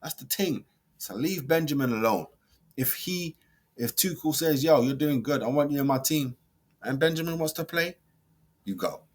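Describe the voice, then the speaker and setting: Husky man ranting. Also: lively intonation, normal speed. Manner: heated, slang-heavy rant with swings from loud mockery to low muttering. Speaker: football fan vlogger. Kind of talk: reacting and ranting to camera.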